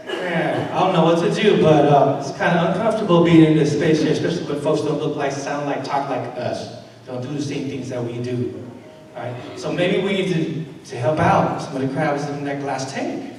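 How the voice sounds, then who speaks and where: An earnest man gives a talk in a large hall, and his fairly high voice carries a long, rolling echo. He sounds some way off from the mic. He speaks conversationally and works in a few fillers. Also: normal speed. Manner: conversational and earnest, many fillers, building to rhetorical questions. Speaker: invited speaker and educator. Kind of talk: conference talk with storytelling. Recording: echoey hall from far off.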